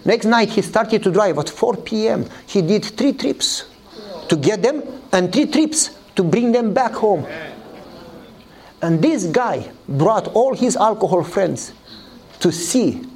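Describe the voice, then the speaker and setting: Animated high-voiced male preacher. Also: takes it slowly. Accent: Eastern European. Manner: animated storytelling, acts out dialogue in a higher voice. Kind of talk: sermon with acted-out story.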